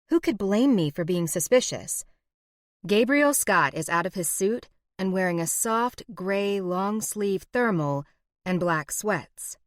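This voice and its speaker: A woman narrating a first-person romance audiobook in an intimate, even storytelling manner on a close mic. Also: mid-range voice, takes it slowly, no echo.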